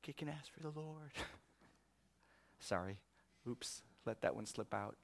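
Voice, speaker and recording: A male pastor preaching a sermon in an animated, conversational way, chuckling often. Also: mid-range voice, slow pace, vocal fry, a little hiss or hum. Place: church.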